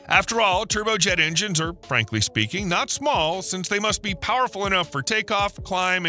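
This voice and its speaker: Narrator, male, high and very bright voice, steady scripted read, faint music under. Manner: steady explanatory read with rhetorical questions. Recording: voice-over with faint music behind.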